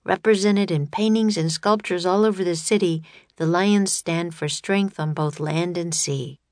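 A woman's voice: fairly low pitch, measured pace, a little mellow, dry recording, close to an everyday voice. A woman reading an audiobook, voicing a thoughtful young boy who speaks in a plain, matter-of-fact way.

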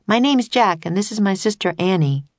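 A woman's voice: medium pitch, animated, normal speed, dry recording, pitched above the performer's own voice, lightly acted. A woman voicing an earnest, worried young boy in a storybook reading.

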